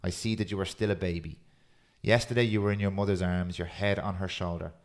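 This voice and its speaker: A man hosting a podcast, chatting casually and reading a poem aloud in a steady, earnest way. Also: sits low, brisk. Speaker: podcast host.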